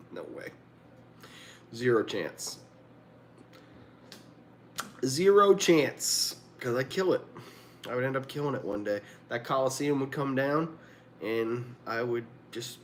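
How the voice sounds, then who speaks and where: Male streamer, casual rambling home chat, swears, laughs a lot, faint background hum. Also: mid-range voice. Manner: rambling, profane, laughs often. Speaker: livestream host. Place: home room.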